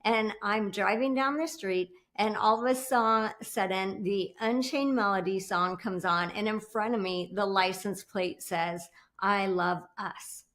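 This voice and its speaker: A woman's voice: mid-range voice, unhurried, few pauses, a bit bright. A woman guest speaker sharing a personal story on an online panel, heartfelt and flowing. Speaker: guest speaker on spirit signs. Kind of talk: earnest sharing in a panel talk. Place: online summit panel, video call.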